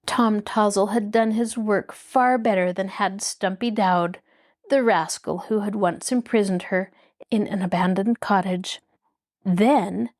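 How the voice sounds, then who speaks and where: A woman host reading a mystery novel aloud as a measured, expressive storybook narration. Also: medium pitch. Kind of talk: scripted narration.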